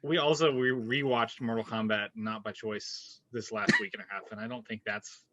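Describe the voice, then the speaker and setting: A man's voice: on the low side, steady tone, normal speed, muffled recording, very noisy. A man co-hosting a casual film podcast, joking sarcastically with friends over a call. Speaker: podcast co-host. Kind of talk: casual video-call banter.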